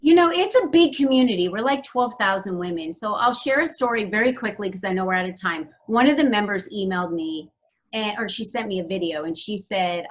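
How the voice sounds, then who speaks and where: Guest, woman, mid-pitched, earnest and encouraging. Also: animated, fairly quick. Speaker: podcast guest, founder of a women's group. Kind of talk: casual conversation.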